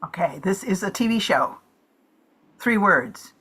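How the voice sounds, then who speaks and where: A woman's voice: mid-range voice, lively intonation, a little slow, a bit bright, husky. A woman guessing at charades over a video call, thinking aloud in rambling, restarting guesses. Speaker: comedian playing charades.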